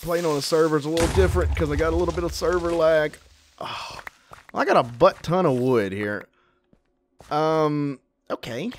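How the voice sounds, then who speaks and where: A man giving casual, chatty commentary while playing a video game, often yelping when startled. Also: mid-range voice. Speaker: let's play gamer.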